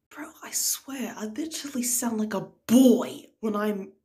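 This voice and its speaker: A woman's voice: mid-range voice, slow, dark tone. Young woman in a put-on American accent reading memes with jokey, half-whispered asides. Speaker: channel host.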